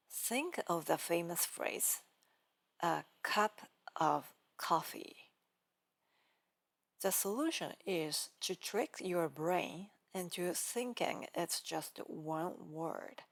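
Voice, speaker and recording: A woman giving a scripted pronunciation lesson. She is calm and careful, sets out each step and repeats the practice phrases. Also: fairly low pitch. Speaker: pronunciation teacher.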